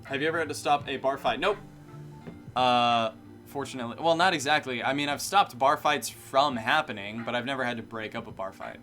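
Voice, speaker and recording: A man's voice: medium pitch, a little fast, pushed and bright. A male live streamer and bartender, chatting casually in a matter-of-fact way, his sentences ending on a downbeat. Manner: matter-of-fact, falling inflections; rambling, self-correcting. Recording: music playing behind.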